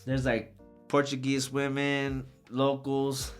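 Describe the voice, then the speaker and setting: A man's voice: medium pitch, slow pace, clean tone, soft background music. A man guest on a podcast telling casual, slangy, profane stories about his travels. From Socorro area. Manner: profane, slangy, animated anecdotes. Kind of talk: casual storytelling.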